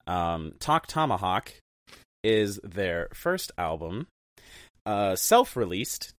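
Male podcast co-host, slow easygoing delivery, lower voice, chuckles a lot. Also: very animated, dry recording, clean studio sound. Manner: laughs often, fillers, jokey asides. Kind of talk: casual chat.

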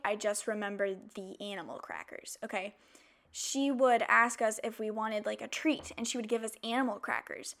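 A woman hosting a podcast, telling personal stories in a casual, animated way, with playful asides and mock outrage. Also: fairly high pitch. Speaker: podcast host. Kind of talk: casual chatty monologue.

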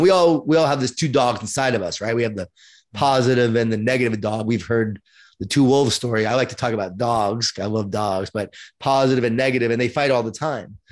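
Middle-aged man telling his life story. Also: medium pitch. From Long Island, New York. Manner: lively, humorous, self-deprecating storyteller. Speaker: guest, author and speaker. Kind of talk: personal storytelling in an interview.

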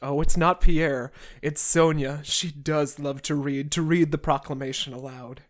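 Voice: mid-range voice, steady tone, a little slow. A podcast host recapping a classic novel chapter by chapter, with sarcastic asides and roast-style jokes. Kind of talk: comedic book recap.

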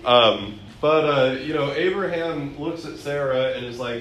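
A man's voice: mid-range voice, a little slow, few pauses, a bit bright. Man, Bible study teacher, chatty, amused, filler-heavy, faint background noise.

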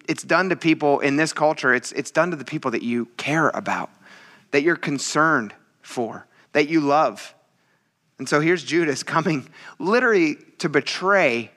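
Guy preaching a sunday sermon, bright voice, loose and jokey, acts out the quotes. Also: on the high side, measured pace. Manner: casual, joking preaching with acted quotes. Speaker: pastor.

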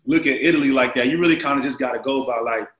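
A man's voice: medium pitch, fast talker, a bit bright. Guy in his 30s spinning a story, loose slangy talk, lots of "like" and "man", roomy echo around him. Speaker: guest. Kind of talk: casual storytelling.

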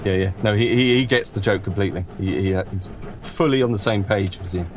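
A man narrating as game master in a tabletop game, halting and full of restarts. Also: on the low side. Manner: halting, lots of fillers and restarts.

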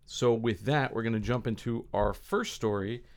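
A man's voice: mid-range voice, moderate pace. A man hosting a studio podcast, reading news items in a casual, upbeat, joking way. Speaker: podcast host. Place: recording studio.

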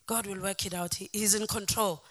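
A woman quoting her husband, who reassures his wife in a calm, soothing way. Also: medium pitch, a little fast, pitched below the performer's own voice, natural voice.

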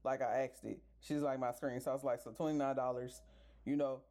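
A woman's voice: extremely low pitch, steady tone, a little fast, dark tone. A woman podcast host telling a story in a casual rant, exasperated, swearing freely and talking straight to her listeners.

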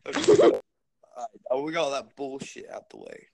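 A man's voice: mid-range voice, wildly swooping pitch, a little fast, creaky, darkish tone, no echo. A man hosting a podcast in casual, joking chat, swearing freely. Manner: crude, joking, swears a lot. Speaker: podcast host.

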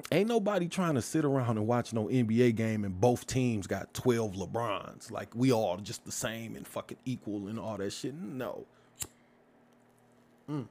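A man's voice: mid-range voice, darkish tone. A man giving a casual, profane rant as a vlogger, blunt and heated, firing off rhetorical questions.

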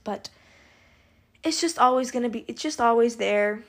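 A woman's voice: fairly high pitch, normal speed. A teenage girl hosting her own podcast, rambling candidly in casual chat with lots of filler words. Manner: candid, confiding. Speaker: podcast host.

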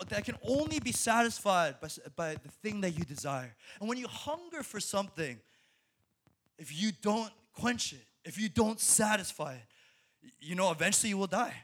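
High-voiced lively young preacher man. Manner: animated and laughing, with many restarts. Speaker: speaker at a college ministry. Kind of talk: sermon.

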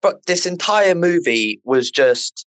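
A man co-hosting a casual film podcast with friends, ranting in slang in an animated way. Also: a little high, takes it slowly, no room sound. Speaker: podcast co-host.

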